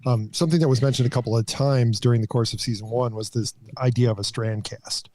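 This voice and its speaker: A man co-hosting a podcast, explaining at a measured pace with frequent fillers. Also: mid-range voice, steady tone, darkish tone, slight background noise. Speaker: podcast co-host. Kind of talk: casual chat.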